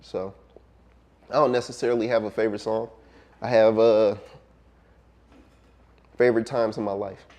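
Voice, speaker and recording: A man, a music producer speaking as an interview guest, talking in a relaxed, reflective way with frequent ums and trailing pauses. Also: on the low side. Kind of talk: casual interview conversation.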